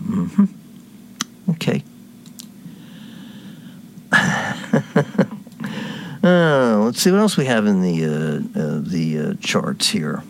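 A man's voice: on the low side, extremely slow, pauses often, a little hiss or hum. A man giving political commentary, reading posts aloud in a sarcastic, mocking way.

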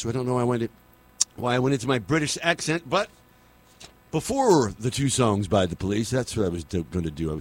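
A man working as a radio DJ, chatting and joking casually between songs in an animated way. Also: medium pitch, breathy edge.

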